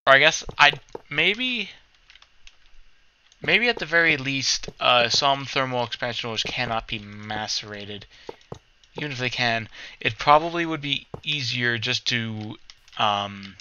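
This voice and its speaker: Slow, very bright-voiced gaming man. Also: medium pitch, clean tone, dull audio. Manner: rambling, self-correcting, hums and mutters sound effects. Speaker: let's play host. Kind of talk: casual gameplay commentary.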